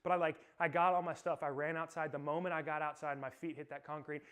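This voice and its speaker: Young male youth pastor, upbeat and chatty, preaching through a personal story, voice sits a bit high. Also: fast, clear, resonant tone. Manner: casual, energetic storytelling with lots of "like". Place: youth service room, streamed live.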